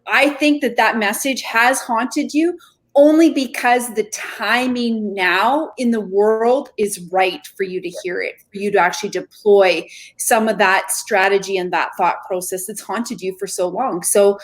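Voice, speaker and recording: A woman's voice: medium pitch, steady tone, unhurried. A woman hosting a podcast, asking guests questions in an earnest, reflective way with frequent "I mean" fillers. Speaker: podcast host. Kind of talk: interview questions.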